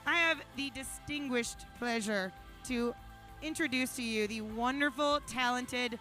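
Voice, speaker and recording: Faint music plays behind a woman whose fairly high voice sounds pushed and bright, moving at a measured pace. She's hosting a live charity paddle auction from a brewery stage, teasing the audience and announcing each bid.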